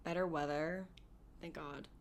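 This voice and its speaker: A young woman's raspy, husky voice sits a touch low as she co-hosts a laid-back podcast. She sounds like she's coming down with something and talks in loose, rambling runs, often restarting her sentences. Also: fairly even intonation, unhurried. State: getting sick. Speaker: podcast co-host. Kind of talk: casual chat.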